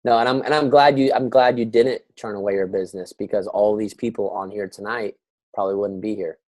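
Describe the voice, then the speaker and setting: A man's voice: on the low side, steady tone, brisk. Upbeat man guest speaking on a call. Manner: upbeat, self-deprecating, loud talker. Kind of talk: casual call chat.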